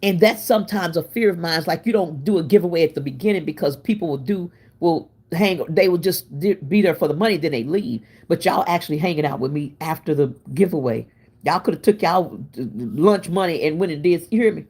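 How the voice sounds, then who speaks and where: A woman hosting a casual cooking livestream, chatty and expressive, laughing and answering her viewers while she cooks in her home kitchen. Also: low-pitched, a little fast, husky. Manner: chatty and expressive, laughing and talking back to chat. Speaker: livestream host.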